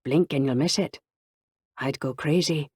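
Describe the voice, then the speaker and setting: A woman's voice: deep voice, unhurried, breathy edge, dry recording, studio quality. A woman voicing a teenage girl who playfully hams up a thick mock Irish accent. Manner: playful mimicry, loud and raised. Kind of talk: audiobook character voice.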